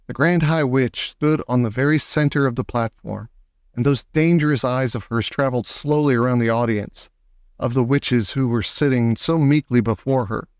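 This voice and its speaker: A man reading a children's novel aloud with expressive, animated storytelling. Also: medium pitch, normal speed, clear, resonant tone, dry recording, clean studio sound. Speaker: audiobook narrator.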